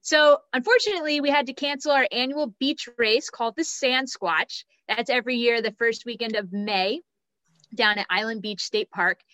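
A woman hosts a live stream and runs through updates in a chatty, enthusiastic way. Her voice is bright and slightly high. The sound is dry and close, with no room echo. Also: normal speed. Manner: chatty, enthusiastic, laughs at names. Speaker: host and race director.

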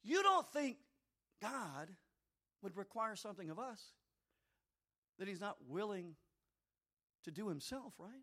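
A man preaching a sermon, swinging between shouted fervor and quiet, folksy asides to his listeners. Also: high-pitched, sing-song, a little slow, long pauses. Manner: addresses listeners directly, folksy.

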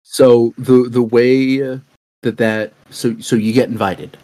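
A man co-hosting a casual gaming podcast, talking in halting bursts with restarts. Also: mid-range voice, flat delivery, mellow. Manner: halting, many restarts and fillers. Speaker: podcast co-host.

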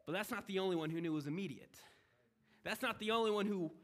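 A young man preaching a sermon, animated and conversational, swinging between loud emphasis and hushed asides as he acts out the voices in the story. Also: high-pitched, fast talker.

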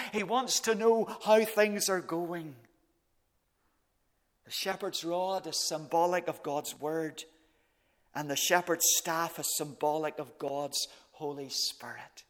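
A man preaching a sermon to his congregation, speaking deliberately and sometimes dropping to soft, hushed phrases. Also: high-pitched. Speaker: pastor. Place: church service. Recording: long reverb of a large hall.

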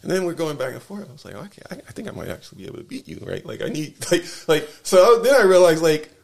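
A man's voice: a little high, big pitch swings, very fast, creaky. A man casually telling a rambling travel story, full of fillers, restarts and tag questions.

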